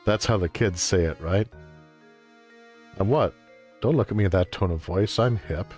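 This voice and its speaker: Here's a let's-play streamer whose voice sits low and sounds darkish, delivered at an ordinary pace over faint background music. He cracks wry jokes and throws in over-the-top exclamations.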